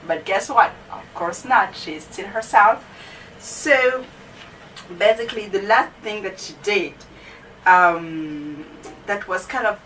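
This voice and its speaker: A young woman, a student vlogger, chats casually about her teachers, sprinkling in fillers like "you know." Her voice is mid-range and a bit bright, picked up by a distant mic with faint background noise.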